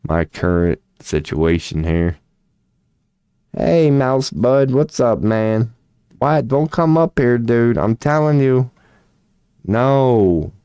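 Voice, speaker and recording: A man's voice: lowish voice, darkish tone, clear, resonant tone, no echo. A man streaming casually from a small room at home, swearing, laughing and talking to a mouse. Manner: profane, laughing, talks to a mouse. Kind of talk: casual solo stream chat.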